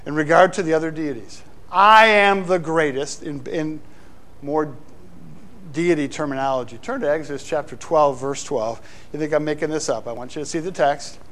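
A middle-aged man, a pastor, preaching a sermon with playful asides to the congregation. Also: on the high side.

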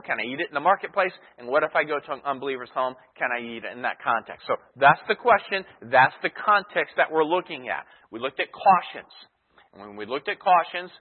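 A man's voice: a little high, breathy edge. A man teaching a sermon as a Bible teacher, asking his listeners rhetorical questions and repeating his key phrases. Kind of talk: expository sermon. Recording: thin phone-like sound with long hall reverb.

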